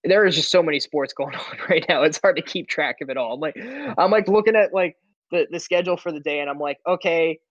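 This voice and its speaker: Man, sports podcast co-host, rambling casual chat, slightly high voice, dry dull audio. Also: quick pace, no echo. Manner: rambling, filler-heavy, many "like"s and restarts.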